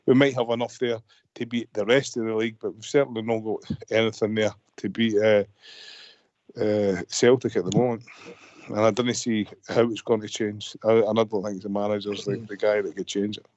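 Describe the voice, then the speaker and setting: A man's voice: on the low side, little pitch movement, moderate pace, a little mellow, no room sound. A Scottish man calling a fan radio phone-in, talking in a frustrated, rambling way with many restarts, over a muffled line. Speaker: caller.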